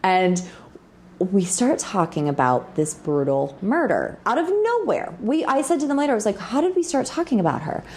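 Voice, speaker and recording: A middle-aged woman, a podcast guest, telling frank and playfully crude stories in an animated way and jumping into the voices of the people she quotes. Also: normal speed, slight background noise. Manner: lively, acts out quoted people with big pitch jumps. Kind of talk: animated storytelling in a podcast interview.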